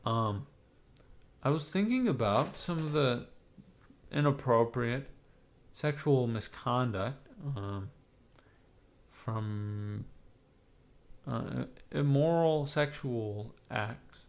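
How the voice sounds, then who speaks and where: A young man with a raspy, hoarse voice from being sick, rambling irreverently on a live stream with lots of fillers. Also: mid-range voice, animated, drawn-out words, pauses often. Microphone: webcam mic.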